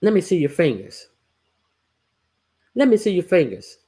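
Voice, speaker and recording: A woman's voice: on the low side, big pitch swings, a little slow, mellow, slightly rough. Chatty woman hosting a livestream. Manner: chatty, loose, laughing asides. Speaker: livestream host. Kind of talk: casual livestream commentary.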